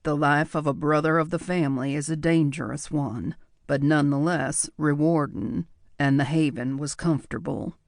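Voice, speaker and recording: A man reading a first-person audiobook in a measured, reflective way. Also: a little high, steady tone, gravelly, no room sound, clean studio sound. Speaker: audiobook narrator.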